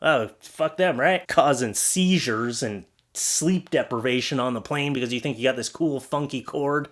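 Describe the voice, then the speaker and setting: A young man from Canada hosting a casual reaction show, talking sarcastically and swinging between loud outbursts and mutters. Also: medium pitch, moderate pace. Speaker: host reacting to posts.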